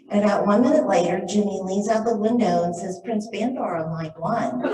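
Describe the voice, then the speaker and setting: A middle-aged woman speaking to a live audience, spinning a lively anecdote and slipping into the voices of the people she quotes. Her voice has an everyday mid pitch. The room is echoey, and she is picked up from a distance with a faint hiss behind her. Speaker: author and speaker. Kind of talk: storytelling talk to a live audience. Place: library event room.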